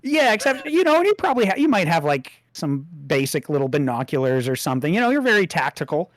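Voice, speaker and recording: A game master running a tabletop role-playing game, describing scenes in a slow, meandering way. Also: medium pitch, sing-song, dry recording, clean studio sound.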